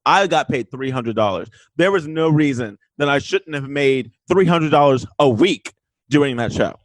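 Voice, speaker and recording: A man, the guest, telling a story in a casual chat, animated and profane, loudly acting out what people said. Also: medium pitch, normal speed, dry recording, rough recording. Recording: remote link.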